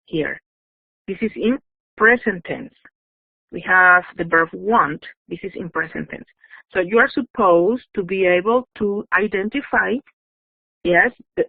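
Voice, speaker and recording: A woman teaching English in a recorded online lesson, her plain in every phrase. She explains slowly and patiently, checking in with quick questions. The sound is dry and thin, like a voice over a phone line. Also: medium pitch, no echo. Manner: patient, repeats checks like "yes?" and "okay?".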